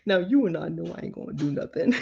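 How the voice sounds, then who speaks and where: A woman hosting her channel in a casual monologue, lively and joking, with slang and frequent laughter. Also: lowish voice, fast, creaky, slightly rough. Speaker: channel host. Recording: slightly dull lo-fi audio.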